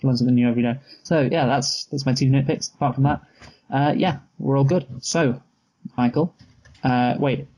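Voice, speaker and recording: A man's voice: mid-range voice, fairly even intonation, moderate pace, a little mellow, low-quality recording. A man co-hosting a casual movie review chat, teasing his partner and steering the talk along. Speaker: podcast co-host.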